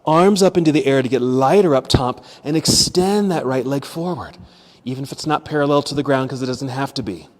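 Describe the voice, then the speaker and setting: A man teaching a yoga class, calmly cueing poses step by step and easing toward relaxation, a little out of breath. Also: mid-range voice, a little fast, in a large hall. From United States. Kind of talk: guided yoga class instruction. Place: yoga studio.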